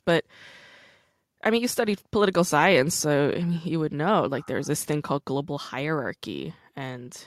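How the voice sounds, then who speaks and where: Her voice is deep, and the recording is dry and studio-clean. She's an American woman hosting a laid-back chat, sharing stories in a candid, lively way peppered with "like."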